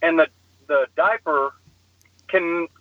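A man telling a story in casual podcast chat, animated and self-deprecating, often laughing at himself, heard over a phone call. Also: fairly high pitch, slow, no echo. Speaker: guest storyteller. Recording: slightly muffled phone line.

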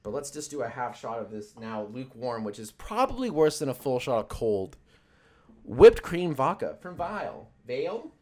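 A man's voice: medium pitch, sing-song, normal speed, mellow. A young man chatting loosely on a stream, swearing often and rambling between jokes. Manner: profane, loose and joking, with many fillers. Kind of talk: casual rambling chat.

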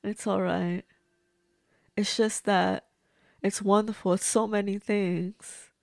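A woman's voice: mid-range voice, level tone, takes it slowly, vocal fry, no echo, clean studio sound. A woman, host of a movie review show, chatting casually and exclaiming at the screen as she watches along.

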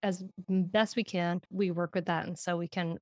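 A woman's voice: lowish voice, steady tone, normal speed, darkish tone, dry recording, studio quality. A woman talking about parenting as a podcast guest. She tells stories with animation and laughs often. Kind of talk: podcast conversation.

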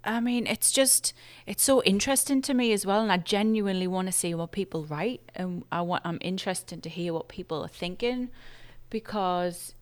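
A woman from England chatting casually as an interview guest, chatty and quick to laugh. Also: medium pitch.

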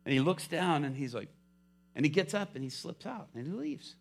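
A male pastor preaching a sermon, telling a story with lively swings from hushed to loud. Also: fairly high pitch, moderate pace, gravelly.

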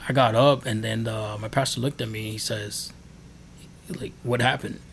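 A podcast guest shares his faith testimony in a casual, earnest, rambling way packed with fillers. His voice is fairly low and fairly even, at a moderate pace, with vocal fry and a little hiss or hum.

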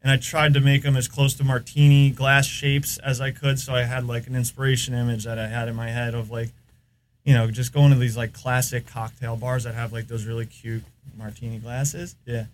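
A man's voice: medium pitch, little pitch movement, normal speed. Rambling American man telling shop stories. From United States. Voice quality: rambling, filler-heavy storytelling. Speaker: podcast guest. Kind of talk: casual chat.

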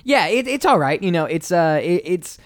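Man, podcast co-host, casual rambling chat, resonant voice, slightly high. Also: very animated, moderate pace. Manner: rambling, lots of fillers and restarts.

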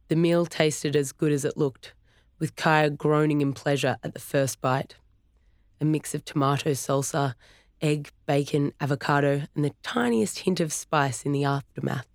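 Aussie narrator reading a novel, steady and clear, dry close mic. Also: medium pitch, normal speed, dry recording. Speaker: audiobook narrator. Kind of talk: scripted narration.

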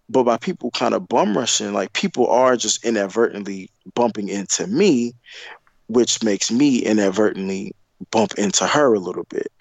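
A man's voice: vocal fry, no echo, low-quality recording. A young man telling a dating story in a casual, profane, rambling podcast chat, full of fillers and restarts. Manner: acts out his own heated replies in a higher voice.

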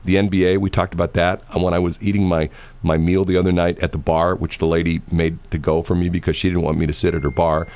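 A man's voice: sits low, level tone, fast, a little mellow, smooth, no room sound. A middle-aged man hosting a morning radio show, rambling in casual chat and laughing often, recorded in a radio studio.

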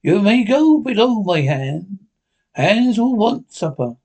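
A man's voice: big pitch swings, slow pace, dark tone, full character voice. A man doing a stern, blunt sea captain. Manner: blunt, formal, raised pitch. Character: gruff, stern older male ship captain. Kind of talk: audiobook character reading.

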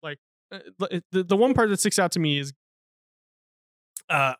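Man, podcast co-host, fairly high pitch, loose profane chatter, dead-dry audio. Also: expressive, normal speed, pauses often, fairly bright tone, dry recording. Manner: profane, laughing, rambling. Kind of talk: casual movie-review chat.

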